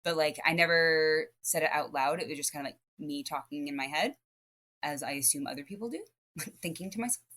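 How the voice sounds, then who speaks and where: A woman guest on a podcast, telling stories in a lively, rambling way full of restarts and fillers. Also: low voice, a little fast. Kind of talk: casual podcast chat.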